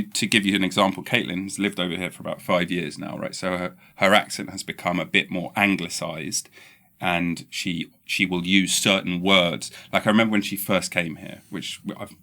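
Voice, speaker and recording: A man with an English accent hosting a podcast in casual, rambling chat, often restarting his sentences. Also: sits low. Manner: rambling, restarts often, animated when quoting. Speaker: podcast host.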